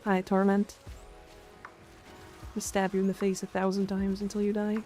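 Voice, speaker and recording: A woman's voice: mid-range voice, monotone, normal speed, warm tone, soft background music. A woman streamer chatting playfully with her viewers in a casual live stream.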